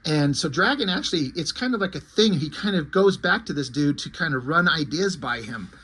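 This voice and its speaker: A man's voice: fairly high pitch, lively intonation, brisk, pushed and bright, slightly rough. A man casually recapping a comic book issue in a loose, chatty way with plenty of fillers.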